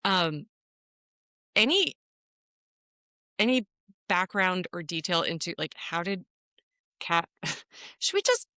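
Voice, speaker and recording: A woman co-hosting a casual podcast, talking in an animated, playful way and laughing easily. Her voice is bright and forward, recorded close and dry. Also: fairly low pitch, slow pace, pauses often, dry recording. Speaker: podcast co-host. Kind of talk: casual chat.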